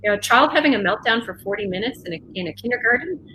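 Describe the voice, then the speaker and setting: A middle-aged woman from Canada giving parenting advice as an interview guest, speaking in a warm, reassuring way over a video call. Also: on the high side, lively intonation, rapid-fire, slight background noise, poor audio. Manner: warm, reassuring, repeats "right?". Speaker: interview guest, self-regulation expert. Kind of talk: conversational advice.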